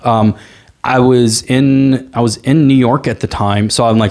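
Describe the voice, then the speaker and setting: A man's voice: medium pitch, measured pace. A man, a commercial real estate agent, telling stories as a guest in a casual interview, often tagging "right?" on his points. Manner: animated storyteller, repeats "right?".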